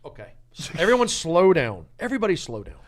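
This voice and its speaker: A man hosting a live podcast, excitable and bossy, repeatedly ordering the guests to slow down and stay quiet. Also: sits high. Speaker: podcast host.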